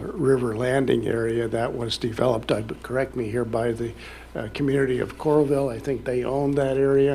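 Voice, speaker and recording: Guy at a city council meeting, rambling folksy update, gravelly voice, faint room hum. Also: mid-range voice, a little mellow. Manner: rambling, folksy, many fillers and restarts.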